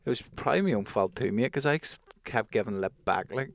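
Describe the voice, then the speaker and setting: A man's voice: medium pitch, lively intonation, quick pace. A man co-hosting a casual podcast, telling rambling, sweary stories and laughing often. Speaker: podcast co-host. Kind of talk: casual storytelling chat.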